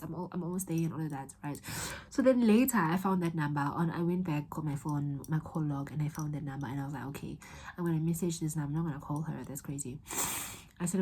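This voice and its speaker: A young woman with a South African accent tells a personal story straight to her camera. Her voice sits low and sounds mellow and a little husky. She rambles, restarts often and turns emotional and teary in places. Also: rough recording. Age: young adult. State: tearful at times. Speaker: vlogger.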